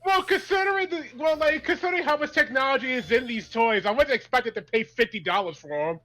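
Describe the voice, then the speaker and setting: A man chatting casually on a game stream, excitable and prone to stumbling restarts. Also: extremely high pitch, brisk. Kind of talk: casual chat.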